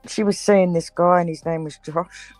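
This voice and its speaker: A woman's voice: fairly low pitch, steady tone, moderate pace, darkish tone, no room sound, faint music behind, poor audio. A middle-aged woman, telling a laughing anecdote in casual chat and swearing freely.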